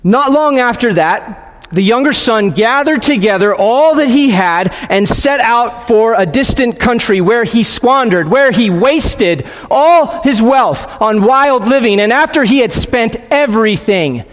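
A man preaching a sermon, leading a silent prayer and reading scripture in an earnest, pausing way with frequent restarts. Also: very high-pitched, animated. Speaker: pastor. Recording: long hall reverb.

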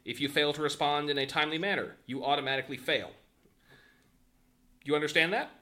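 A man voicing a curmudgeonly male elf official who gives gruff, commanding orders in a tabletop game. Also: a little high, quick pace, sharp tone. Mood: stern. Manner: gruff, commanding, ultimatum-giving.

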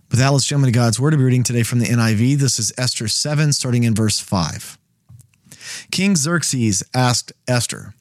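A man hosting a Bible study podcast, retelling the passage in a casual, animated way with quick asides. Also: medium pitch, no room sound, studio quality.

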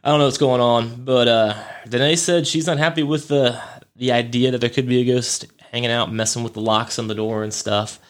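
A man's voice: mid-range voice, fairly even intonation, fairly quick. A young man hosting a podcast, rambling through a casual story with lots of fillers, swearing and chuckles. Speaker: podcast host.

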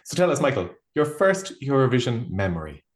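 A man's voice: medium pitch, very animated, fairly quick. A man co-hosting a podcast, reading a news roundup playfully and then chatting casually. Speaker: podcast co-host.

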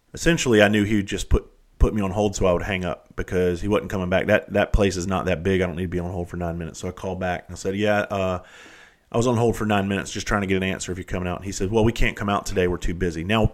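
A man with a fairly low voice tells a casual, swear-filled story. He quotes his own phone calls and gets worked up. The delivery is blunt and direct, like a vent to the camera. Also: fairly bright tone. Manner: blunt, profane, heated storytelling with quoted dialogue. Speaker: vlogger.

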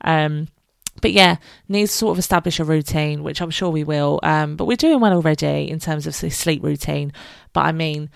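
A woman's voice: low-pitched, normal speed, creaky, clean tone, dry recording, clean studio sound. A British woman hosting her own podcast, talking candidly and chattily, laughing often and swearing freely. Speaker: podcast host. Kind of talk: casual solo podcast chat.

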